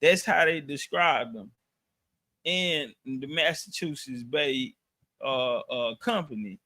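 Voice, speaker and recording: A man telling a travel story in loose, slangy casual talk, full of restarts and profanity, sometimes sinking to a low mutter. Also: lively intonation, slow, pushed and bright, no room sound.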